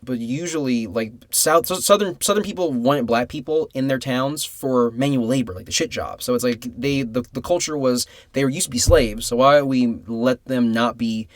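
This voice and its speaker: A man's voice: mid-range voice, moderate pace, hardly any pauses, no room sound. A man co-hosting a casual film review podcast, swearing freely and slipping into mocking voices. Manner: profane, animated, drops into mocking voices. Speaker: podcast co-host.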